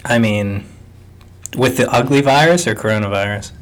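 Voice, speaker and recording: A young man with a nasal voice co-hosting a casual podcast, deadpan and crude. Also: fairly low pitch, moderate pace. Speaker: podcast co-host. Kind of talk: casual chat.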